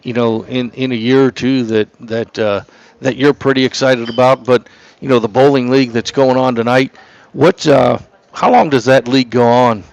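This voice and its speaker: A man's voice: mid-range voice, steady tone, moderate pace, vocal fry, darkish tone, rough recording. Joking male host losing his voice. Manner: joking, laughs often. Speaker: radio show host. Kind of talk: casual on-location interview.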